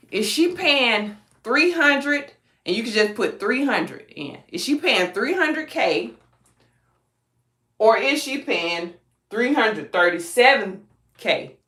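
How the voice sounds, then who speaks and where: A woman's voice: medium pitch, bright, forceful tone, roomy sound. A woman real estate agent with a Southern accent teaches a live-streamed lesson in a folksy way, quizzing her viewers and calling them y'all.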